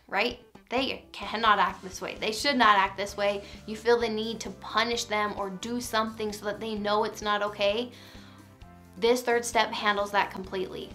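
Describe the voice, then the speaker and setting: A woman who is a parenting coach, giving calm, clear, encouraging instruction and modeling phrases to say to a child. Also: on the high side. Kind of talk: scripted instructional talk.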